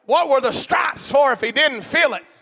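A male preacher delivering a fiery church sermon, swinging from shouted bursts to low murmurs in a call-and-response cadence. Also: animated, normal speed, vocal fry.

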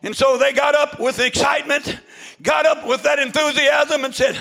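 A male pastor, preaching a fervent shouted sermon to his congregation, peppered with "amen" and "uh". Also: very high voice, fairly even intonation, normal speed, gravelly, rough recording. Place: church with congregation.

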